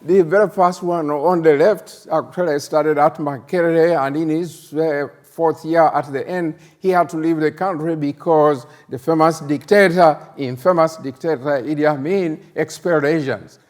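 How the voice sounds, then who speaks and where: An older man from Uganda, a professor hosting a plenary session, speaking in a halting way with many fillers and emphatic rhetorical questions. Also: on the high side, fairly even intonation, darkish tone. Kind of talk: conference plenary talk.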